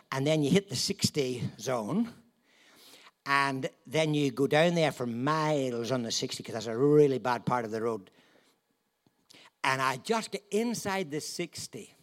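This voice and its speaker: A man preaching a storytelling sermon, humorous and animated, often laughing and swinging from hushed to loud. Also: fairly high pitch. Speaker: guest preacher.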